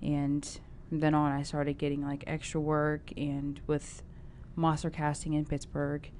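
A woman's voice: deep voice, completely flat delivery, measured pace, darkish tone, slight background noise. A woman actor being interviewed, chatting casually and stopping often to restart her thoughts. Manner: chatty, with many fillers and restarts. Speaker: actor guest.

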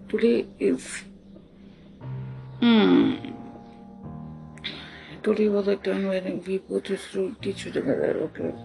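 A storyteller with an Indian English accent, talking casually and haltingly, acting out the dialogue and switching into Hindi now and then. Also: mid-range voice, fairly even intonation, creaky, warm tone. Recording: music playing behind the voice.

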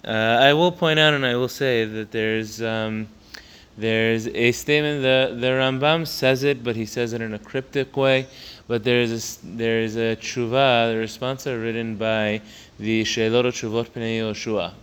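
A man's voice: fairly even intonation, measured pace, a bit bright, clear, resonant tone. A man teaching a religious text line by line, stopping often to restart a phrase and raising his voice on key points. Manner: rises in pitch and volume to stress key points. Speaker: Torah teacher. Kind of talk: text study lesson.

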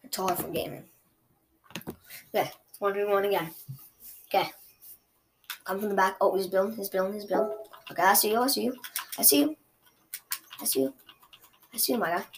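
A young woman commenting live on her own gameplay, chatty and excitable, trash-talking her opponent. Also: medium pitch, fairly quick, pauses often, slight background noise. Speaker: gaming streamer.

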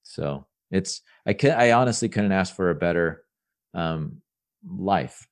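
Low-voiced man rambling through restarts. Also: expressive, unhurried. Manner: rambling, with many restarts and repeated words; earnest and upbeat about his work. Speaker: entrepreneur guest. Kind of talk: casual podcast interview.

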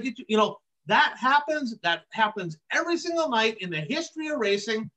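Ranting high-voiced man on a podcast. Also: expressive, normal speed, hardly any pauses, sharp tone. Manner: ranting, emphatic, repeats "plain and simple". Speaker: podcast host. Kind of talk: heated casual commentary on dirt track racing.

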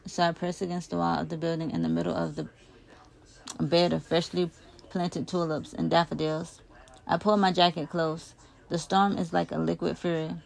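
A woman reading a first-person novel aloud in an expressive, emotive way, getting louder on the shouted lines. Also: sits low, creaky. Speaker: audiobook reader.

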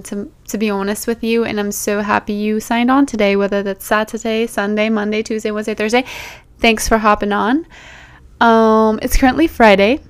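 A woman's voice: mid-range voice, clean tone. A young woman hosting her own podcast, chatting playfully and directly to listeners as their bestie, recorded as a phone voice memo. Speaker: podcast host. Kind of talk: casual chat.

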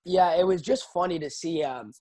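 A young man hosting a casual chat about fights, animated and laughing, often restarting his sentences. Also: sits high, moderate pace. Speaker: podcast host.

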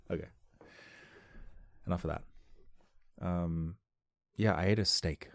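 A man's voice: low voice, steady tone, slow, vocal fry, long pauses, no echo. A young man hosting a casual solo podcast from a dim room at home, rambling playfully and laughing at his own jokes. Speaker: podcast host.

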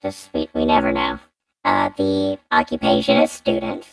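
A man's voice: rumbling low, expressive, moderate pace, vocal fry, rough recording. A man hosting a podcast through a robotic voice changer, chatty and hesitant with many fillers. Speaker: podcast host. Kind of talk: casual podcast chat. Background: music.

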